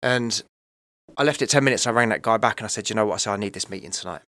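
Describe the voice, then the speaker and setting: A man's voice: mid-range voice, racing, fairly bright tone, no room sound. A man, telling his own story in a candid, emotional, rambling way, often asking "right?" and "you know". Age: 30s. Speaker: podcast guest.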